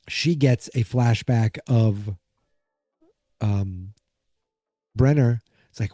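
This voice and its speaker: A drowsy man hosts a podcast, recapping an episode in a loose, rambling way full of fillers. His voice is deeply mellow and dark, recorded dry with no room sound. He keeps fighting off yawns. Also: slow, long pauses, no room sound. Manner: rambling, lots of fillers and asides. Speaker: podcast host.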